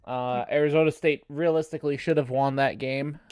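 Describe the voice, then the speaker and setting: A man with a lingering cough rambles through a casual sports chat with fillers and curses. His voice is smooth and resonant. It sounds dry and close to the mic. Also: fairly high pitch, fairly even intonation, brisk, darkish tone, dry recording. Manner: rambling, frequent fillers and swearing. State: has a cough. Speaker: podcast host.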